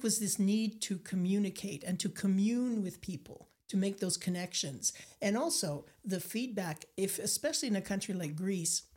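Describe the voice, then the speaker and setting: An older woman from Nova Scotia, a guest telling animated stories in an interview, acting out the people she quotes. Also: medium pitch. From Nova Scotia, Canada. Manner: animated anecdotes, acts out quoted voices. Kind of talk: storytelling interview.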